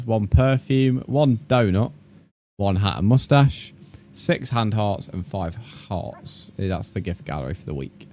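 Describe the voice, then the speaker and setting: Low-voiced joking male game streamer. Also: darkish tone. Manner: joking, swearing, reacting to chat. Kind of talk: casual live-stream chat with viewers.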